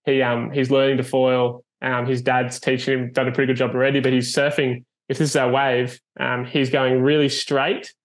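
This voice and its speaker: A man hosting a casual chat as a foil coach, telling stories in a relaxed way with plenty of fillers. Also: medium pitch, moderate pace, hardly any pauses. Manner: laid-back, storytelling with many fillers.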